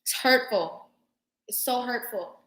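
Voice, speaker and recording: A young woman hosts a live stream and lectures her viewers with fervent emphasis, stopping now and then to thank them for comments. Her voice is bright and a little high. The room around her echoes. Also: slow. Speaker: vlogger hosting a live stream. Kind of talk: impassioned live-stream talk. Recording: roomy echo.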